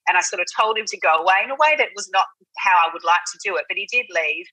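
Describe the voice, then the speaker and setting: A woman's voice: fairly low pitch, fast talker, pushed and bright, husky, no room sound, poor audio. A woman in her thirties, a guest on a podcast, talking earnestly and reassuringly about parenting in a casual chat. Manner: earnest, reassuring, many fillers.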